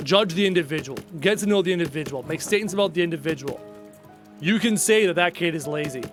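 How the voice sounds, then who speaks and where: High-voiced man ranting emphatically. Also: quick pace, music in the background. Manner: opinionated, emphatic, repeats key phrases. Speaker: gaming YouTuber and streamer. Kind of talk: casual rant while playing a game.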